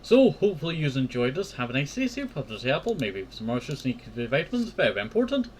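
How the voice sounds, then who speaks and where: A man's voice: medium pitch, very animated, fast, a little hiss or hum. A man hosting a casual game playthrough, reading aloud, stumbling over words and laughing at himself. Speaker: gameplay host.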